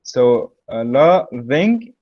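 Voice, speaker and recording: A man's voice: medium pitch, very animated. Hesitant male student over muffled audio. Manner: hesitant, halting with many fillers. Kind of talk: reading verse aloud in class.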